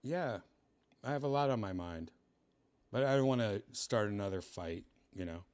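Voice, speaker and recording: A man hosting a stream, talking in a deadpan way that trails off quietly. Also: on the low side, normal speed. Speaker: streamer host. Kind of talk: casual streaming chat.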